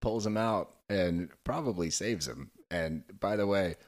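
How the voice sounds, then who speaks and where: A man's voice: low-pitched, unhurried. A man co-hosting a podcast, giving strong opinions on a reality show in casual chat, with swearing. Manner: opinionated, swears, acts out quoted lines. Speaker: podcast co-host.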